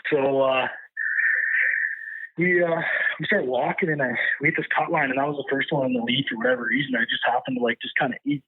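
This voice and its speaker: A man, a podcast guest, casually telling a hunting story in an animated way, re-enacting what people said. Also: on the high side, fairly quick, vocal fry, background noise. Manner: animated, re-enacts dialogue and moose calls. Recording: tinny phone-like line.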